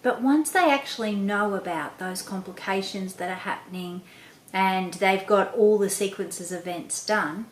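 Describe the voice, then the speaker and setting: A woman hosting a lesson for parents on reading aloud, expressive and demonstrative, with a voice that moves around a lot. Her voice sits at an ordinary middle pitch. It was recorded in an echoey room with a faint hiss underneath. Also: moderate pace. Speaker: host, reading coach for parents. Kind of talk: instructional talk to parents.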